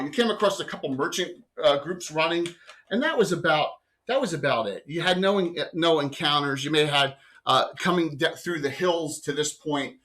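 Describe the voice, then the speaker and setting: A man's voice: a little high, a bit bright. A man running a live tabletop game as game master, talking in a rambling way with many fillers and restarts.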